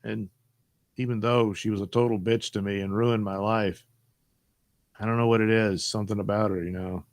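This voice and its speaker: A man's voice: on the low side, level tone, normal speed, dry recording. A middle-aged man hosting a live stream, rambling and joking as he reads chat messages aloud.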